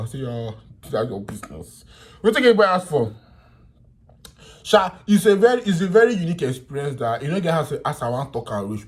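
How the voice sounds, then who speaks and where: Young Nigerian man, mid-pitched voice, vlogger telling an animated, laughing story. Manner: animated, laughing, swings from loud to quiet. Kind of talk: casual storytelling in pidgin.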